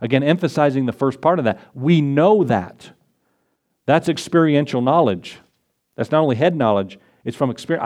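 A man's voice: medium pitch, darkish tone. A male pastor preaching a conversational sermon to his congregation, acting out prayers and quotes along the way. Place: church in front of a congregation.

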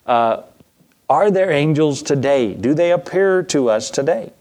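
A man's voice: on the high side, lively intonation, measured pace, darkish tone. A male pastor preaching a sermon in a casual, folksy way, with asides and chuckles.

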